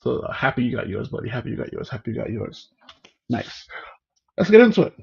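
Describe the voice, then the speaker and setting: Gravelly chatty man live-streaming. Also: medium pitch, fairly even intonation, fast, a bit bright, dull audio. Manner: chatty, greets viewers by name. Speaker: livestream host. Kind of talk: casual livestream chat.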